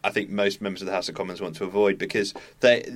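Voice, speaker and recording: A man on a casual panel discussion lays out his point in a steady, explanatory way. His voice sits a little low. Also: quick pace.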